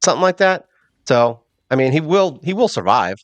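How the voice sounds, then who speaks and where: A man's voice: medium pitch, big pitch swings, normal speed, dry recording. Rambling self-mocking male game commentator. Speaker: mobile game channel host. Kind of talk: casual gameplay commentary.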